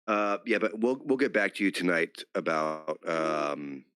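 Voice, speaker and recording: A man's voice: deep voice, lively intonation, a little slow. A man organizing a tabletop game group, chatting in an upbeat, easygoing way. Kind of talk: casual chat between players.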